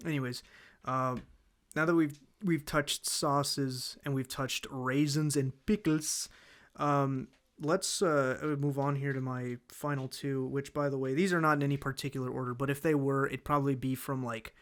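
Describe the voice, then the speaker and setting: A man's voice: medium pitch, fairly even intonation, normal speed, fairly bright tone. A man hosting a casual solo talk show, rambling through food complaints with many restarts, fillers and exasperated outbursts. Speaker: host.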